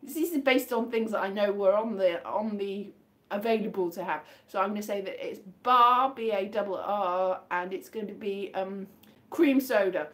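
A woman's voice: mid-range voice, moderate pace. A woman from the UK chatting casually in a vlog, rambling and amused with herself as she guesses mystery items by touch. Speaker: vlogger.

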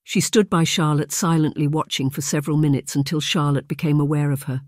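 Even, steady audiobook narrator for a romance; mid pitch, dead dry sound. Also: a little fast, no room sound. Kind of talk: scripted narration.

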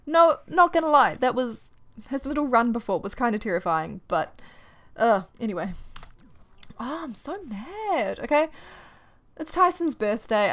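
A young woman rants her way through a casual let's-play commentary, her voice sitting a little high. She sounds exasperated and grumbling, with frequent quick laughs between complaints. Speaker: gaming YouTuber.

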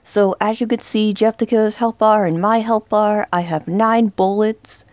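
A young woman commenting on a horror game she is playing, dramatic, shouting and taunting the villain as she goes. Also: medium pitch, fairly even intonation, moderate pace, no echo. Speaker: gaming youtuber. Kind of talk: excited let's-play commentary.

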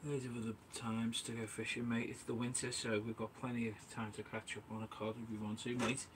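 A man's voice: medium pitch, monotone, brisk, heavy background noise. A man streaming live from his bait shack, chatting casually, calling viewers mate and answering the live chat as he works. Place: small bait and tackle shack, indoors.

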